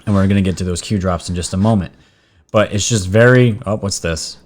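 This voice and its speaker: A man hosting a casual commentary vlog, chatty and excitable, talking straight to his viewers as "guys.". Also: low-pitched, a little fast. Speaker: vlog host.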